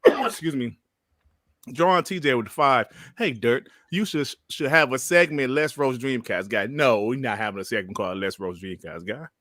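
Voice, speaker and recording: A podcast host runs a casual gaming show, speaking in slang, leaning on "you know," and laughing a lot. His voice is mid-range, expressive, and a little bright, at a normal speed. The recording is studio quality with no room sound.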